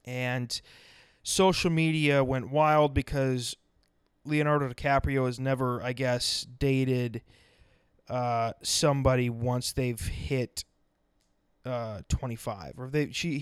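A man's voice: fairly high pitch, clean tone, no echo. A man hosting a podcast, ranting bluntly and sarcastically, swearing constantly. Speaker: podcast host. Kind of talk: profane ranting monologue.

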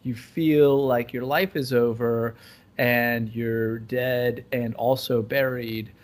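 A man's voice: mid-range voice, fairly even intonation, takes it slowly. Man, podcast host, dry jokes, rambling, lots of ums. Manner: dry, jokey, rambling with many fillers. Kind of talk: casual banter.

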